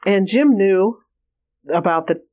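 A woman's voice: mid-range voice, animated, takes it slowly, mellow, highs cut off. A woman guest in an interview, earnestly telling personal stories in a candid, conversational way with frequent restarts. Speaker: interview guest, remote viewing trainer.

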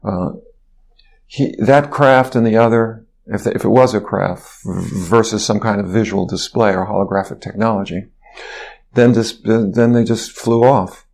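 A man being interviewed, telling a personal story in an animated way with frequent restarts. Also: on the low side, measured pace, vocal fry. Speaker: interview guest.

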